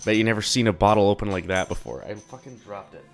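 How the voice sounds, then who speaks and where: A young man streams from his desk at home, rambling and swearing casually with a self-deprecating streak. His voice sits a bit low and sounds slightly sick, and faint music plays under him. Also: quick pace, creaky. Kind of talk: casual live-stream chat.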